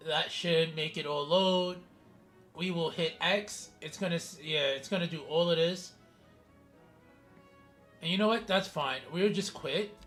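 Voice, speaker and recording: A man with a notably high-pitched voice gives relaxed live-stream commentary while he plays. He talks loosely to his chat, greets viewers by name and drops casual swears. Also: measured pace, long pauses, soft background music. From New York City. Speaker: game streamer.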